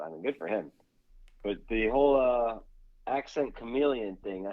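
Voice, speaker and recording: A man's voice: on the low side, no room sound, dull audio. A man co-hosting a casual sports podcast, laughing often as he tells his stories. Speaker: podcast co-host.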